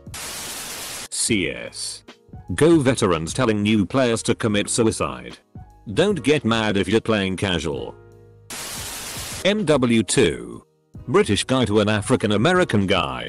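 A man's voice: fairly low pitch, wildly swooping pitch, slow, pauses often, soft background music. A man reading online stories aloud as a channel narrator, spelling out abbreviations letter by letter.

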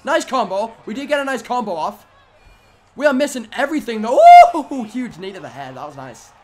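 Muttering one moment and screaming the next, a young guy yells excitably at the game during a live let's-play, speaking fairly quickly in a very high voice. All that shouting is making him hoarse.

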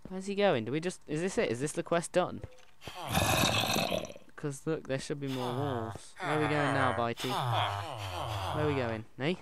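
A man giving casual, excitable commentary while playing a game, chatting to his in-game pet wolf. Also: a little high, normal speed, pauses often. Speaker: gaming channel host. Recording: loud background noise.

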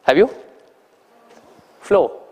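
A man with an Indian English accent giving an animated, teasing training talk to an audience, throwing questions at them. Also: drawn-out words, big-room sound. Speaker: corporate trainer.

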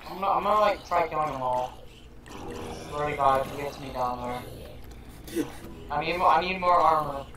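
A man playing a game with a friend, jumpy and quick to yelp in panic. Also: fairly high pitch, background noise. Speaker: co-player. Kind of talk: casual gaming chat.

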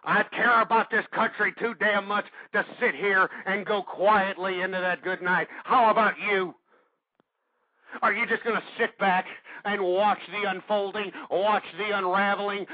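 A man's voice: high voice, no echo, highs cut off. Breathless older man ranting on radio. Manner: angry shouting tirades, then heavy-breathing grumbling. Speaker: radio talk show host. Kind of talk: ranting call-in talk radio.

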